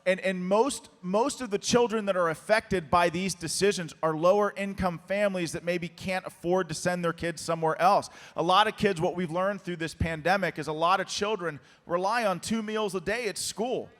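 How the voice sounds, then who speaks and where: A man running for office, talking as a guest on stage, his voice going hoarse, with an emphatic, rallying manner. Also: moderate pace, few pauses, fairly bright tone. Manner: emphatic rallying campaign pitch. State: losing his voice. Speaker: political candidate, interview guest. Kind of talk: live on-stage conversation. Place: conference hall with an audience. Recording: long hall reverb.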